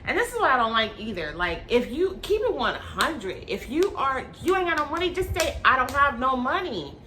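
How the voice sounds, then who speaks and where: A woman vlogger telling a story to her camera, blunt and animated, with swearing and slang. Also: high voice, normal speed, faint music behind.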